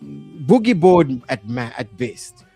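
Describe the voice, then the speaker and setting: A man's voice: a little high, very animated, slow pace, creaky, dark tone, husky, dry recording, faint music behind. Easygoing man reading comments, dry mic. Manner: easygoing, reads viewer comments aloud with lots of fillers. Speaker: podcast host reading chat comments. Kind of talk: casual chat.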